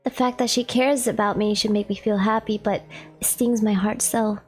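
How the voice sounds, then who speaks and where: A woman's voice: mid-range voice, steady tone, normal speed, husky, soft background music. A woman streamer chatting with her viewers and reading a visual novel aloud, giggly and chatty with lots of "like" fillers.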